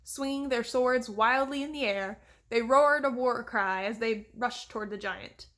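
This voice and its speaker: A woman reading a children's fantasy novel aloud in a steady, even storytelling manner. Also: on the high side, a little slow. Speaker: reader. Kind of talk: audiobook reading.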